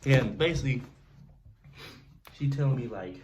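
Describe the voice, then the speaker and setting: A young man casually telling a story to camera in a slangy, animated way, often checking in with the listener. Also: mid-range voice, normal speed, a little hiss or hum. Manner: animated, slangy storytelling with frequent "you feel me". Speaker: vlogger.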